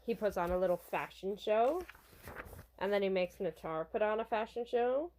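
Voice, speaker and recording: A woman's voice: mid-range voice, moderate pace, darkish tone, slight background noise. A young woman casually reviewing a manga from her college dorm room, chatty and rambling. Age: young adult. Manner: chatty and rambling, with restarts and fillers.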